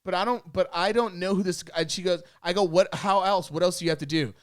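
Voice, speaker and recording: A young man from Puerto Rico spins a long, profane story for his podcast, his voice sitting fairly high. He talks in casual chat and keeps acting out the quotes. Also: fast. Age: young adult. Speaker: podcast co-host.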